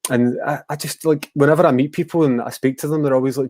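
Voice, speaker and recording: A man's voice: mid-range voice, fairly even intonation, brisk, darkish tone, no echo. A man with a West of Scotland accent, a musician guest talking casually in a rambling, hesitant way with many fillers. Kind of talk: casual interview chat.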